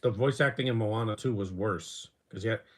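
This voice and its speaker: A man's voice: lowish voice, normal speed. A man giving casual live commentary over a movie, rambling from one opinionated aside to the next.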